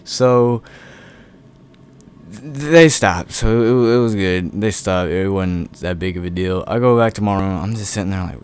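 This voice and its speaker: A man's voice: sits low, normal speed, smooth. A young man casually telling a long personal story, laid-back and rambling, with lots of swearing.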